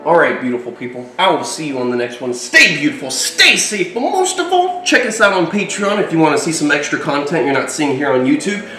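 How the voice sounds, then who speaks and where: A young man hosts a casual animal vlog from an indoor reptile room, excitable and full of jokes. His voice sits a little high and comes from back off the mic. A very echoey room rings around him. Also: a little fast, few pauses, far from the mic, soft background music. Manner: excitable, energetic, jokey. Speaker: reptile keeper and vlog host.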